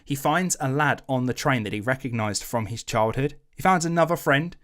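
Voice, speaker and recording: A man hosting a podcast tells a history story in a loose, chatty way. He swears freely and slips into slangy voices when he quotes people. His voice sits at an ordinary middle pitch. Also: animated, normal speed, a bit bright. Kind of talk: casual storytelling chat.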